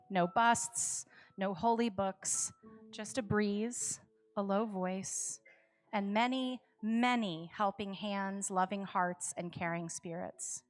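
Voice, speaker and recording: A woman telling a story in a worship service, measured and calm, repeating refrains. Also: mid-range voice. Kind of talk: storytelling sermon.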